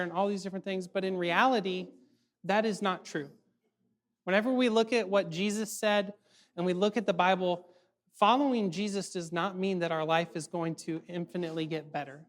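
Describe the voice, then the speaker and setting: A man giving a casual youth sermon, animated and chatty, full of fillers and quick check-ins with his audience. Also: sits high. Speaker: youth ministry speaker.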